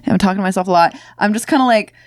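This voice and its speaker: A woman's voice: medium pitch, rapid-fire, dry recording, studio quality. A woman co-hosting a podcast, chatting playfully and slipping into silly voices. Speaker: podcast co-host. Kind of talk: casual chat.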